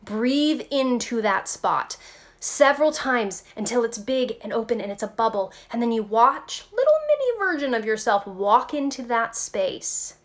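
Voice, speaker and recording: A woman with a slightly high voice gives an informal spiritual talk straight to her viewers. Her delivery is lively and chatty, full of "like" and "okay". She sounds like a vlogger thinking out loud. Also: measured pace. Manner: animated, chatty, peppered with "like" and "okay".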